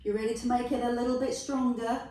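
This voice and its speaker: A woman's voice: a little high, flat delivery, quick pace, warm tone, slight background noise. A woman with a British accent leading a Pilates workout, upbeat and playful, chatting and joking between cues. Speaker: Pilates instructor. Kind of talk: live-style workout instruction. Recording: very echoey, distant room sound.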